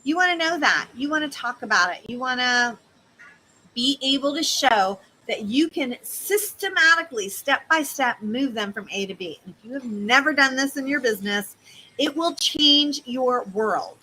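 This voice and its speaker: A woman business coach teaching in a casual, animated way, speaking straight to her listeners. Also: sits high, normal speed, slight background noise, rough recording.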